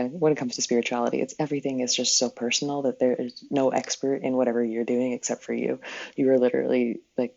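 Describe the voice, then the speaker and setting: Gravelly, husky woman in lo-fi livestream audio. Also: extremely low pitch, warm tone. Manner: rambling, self-correcting, chuckles often. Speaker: host of a live spiritual healing session. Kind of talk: casual livestream talk.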